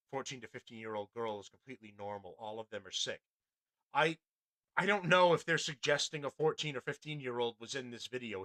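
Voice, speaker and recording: A male podcast host talks in a loose, rambling way, full of restarts and blunt profanity. His voice has a bright, forward edge. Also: mid-range voice. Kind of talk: casual commentary on a news clip.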